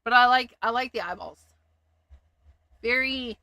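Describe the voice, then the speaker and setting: High-voiced chatty woman crafter. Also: measured pace, pushed and bright, clean tone, no room sound. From Canada. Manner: chatty, giggly, thinks aloud. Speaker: crafting livestream host. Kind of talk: casual craft chat.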